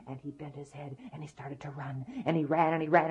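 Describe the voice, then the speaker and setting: A woman's voice: low voice, fairly even intonation, brisk, darkish tone. A woman storyteller telling a folk tale in a dramatic, folksy way, dropping to whispers.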